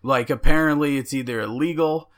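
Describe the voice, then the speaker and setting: A man in his thirties co-hosting a casual sports podcast, playful and quick to argue. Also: fairly high pitch. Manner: argumentative and playful. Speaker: podcast co-host. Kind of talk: casual sports talk banter.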